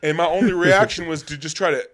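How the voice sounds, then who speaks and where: Young male podcast host, slightly high voice, animated storyteller, casual chat. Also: fast talker. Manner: animated, breaks into laughter while telling stories.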